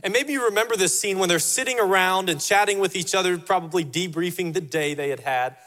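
A man's voice: sits high, brisk, fairly bright tone, big-room sound. A male pastor preaching a sermon in a church, emphatic and repeating his key phrases for weight. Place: church sanctuary.

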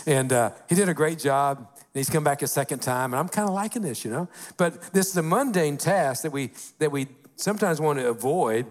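A middle-aged man, preaching a conversational sermon in a folksy way, often saying "you know" and slowing down to stress key phrases. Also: mid-range voice. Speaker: pastor.

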